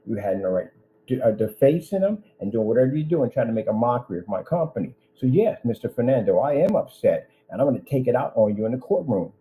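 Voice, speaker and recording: A business owner rants in a vlog, hurling repetitive, indignant threats directly at one person. His voice is mid-range and mellow, and the poor audio carries a little hiss or hum.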